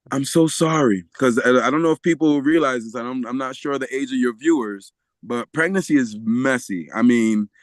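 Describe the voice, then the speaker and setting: A man telling a story as a podcast guest, animated and often laughing, acting out the voices of the people in it. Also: mid-range voice, no echo. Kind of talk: storytelling in a casual interview.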